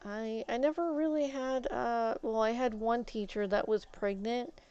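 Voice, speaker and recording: A young woman livestreaming, chatting casually and rambling through a school story with many fillers and restarts, getting animated as she goes. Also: on the high side, a little slow, clear, resonant tone. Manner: grows animated and loud retelling arguments. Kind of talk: casual storytelling chat while gaming. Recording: slightly dull lo-fi stream audio.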